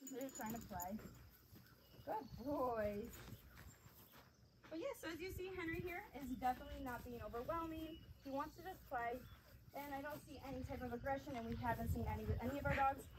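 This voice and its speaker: High-voiced woman dog trainer coaching outdoors. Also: brisk. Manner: warm, encouraging praise mixed with calm explanation. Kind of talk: demonstrating and explaining dog training. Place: outdoors with dogs. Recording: outdoor background noise.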